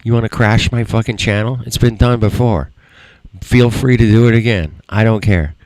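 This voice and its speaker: A man's voice: on the low side, moderate pace, a little mellow, no echo. A man hosting his own livestream, ranting bitterly and swearing constantly about running the show alone all year. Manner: profane, rambling, bitter. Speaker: livestream host. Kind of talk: frustrated rant.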